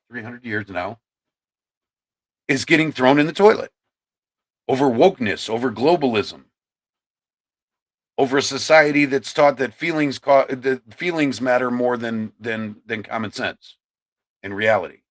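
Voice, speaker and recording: Ranting middle-aged man livestreamer. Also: mid-range voice. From Ohio, USA. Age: 50s. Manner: ranting, repeats and restarts words. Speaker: livestream host. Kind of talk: political commentary livestream, answering chat.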